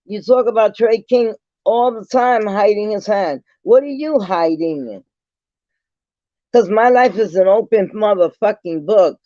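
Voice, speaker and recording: Profane, confrontational high-voiced man. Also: a little slow, warm tone, dry recording. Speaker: vlogger. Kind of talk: angry rant to camera. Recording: dull lo-fi sound.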